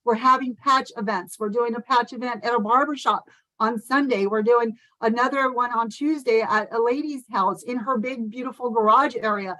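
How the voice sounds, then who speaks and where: A woman giving a fast, passionate motivational talk over a video call, full of "like" and "you guys.". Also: a little high, fairly even intonation, sharp tone, no room sound, poor audio. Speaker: motivational speaker at an online conference. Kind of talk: motivational speech.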